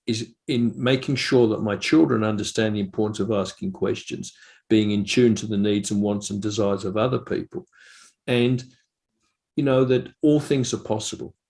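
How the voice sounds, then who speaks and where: Deep gravelly man telling stories. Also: normal speed, a little mellow. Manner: earnest anecdotal storyteller, acts out quoted voices. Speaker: interview guest. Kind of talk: storytelling in an interview.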